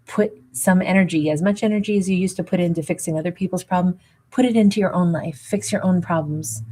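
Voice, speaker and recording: Hosting a tarot reading on livestream, this woman greets her viewers with endearments and talks in a peppy, emphatic manner. Her voice is on the low side with a darkish tone.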